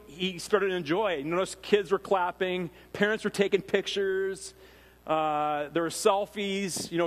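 A Minnesotan man preaching a casual, story-driven sermon, his fairly high voice trailing into a long reverberant tail. He talks like he's chatting with the congregation, circling back with fillers and restarts. The sound carries the echo of a big sanctuary. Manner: conversational, animated storytelling with frequent fillers and restarts. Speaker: pastor. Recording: long reverb of a large hall.

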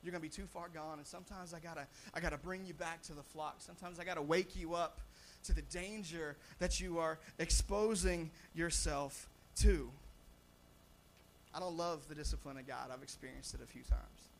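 A young man preaching a sermon as pastor, animated, with frequent restarts and repeated words, swelling loud on his points. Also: on the high side, normal speed, a little hiss or hum.

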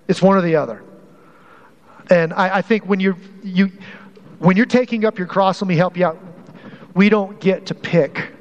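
A man's voice: high-pitched, in a large hall, dull audio. A man preaching a sermon as pastor in a conversational way, often restarting and repeating phrases to drive a point home.

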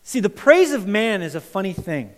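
High-voiced man preaching in a reverberant hall. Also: moderate pace. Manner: animated preaching, swings between loud emphasis and quiet intensity. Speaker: pastor. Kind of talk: sermon. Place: church sanctuary. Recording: church hall with long reverb.

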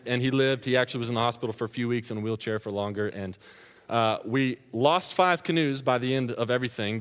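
Animated preacher in a big hall. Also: male voice, medium pitch. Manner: animated storytelling, laughs through the story. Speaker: pastor. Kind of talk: sermon with personal story. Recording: long reverb of a large hall.

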